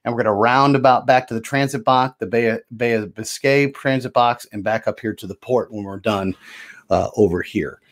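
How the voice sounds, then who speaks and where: A man talks through board game rules in a relaxed, chatty way, mid-pitched, often stopping to correct himself. He wanders between the rules and small talk. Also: normal speed. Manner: chatty and loose, lots of fillers and self-corrections. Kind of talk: casual rules walkthrough.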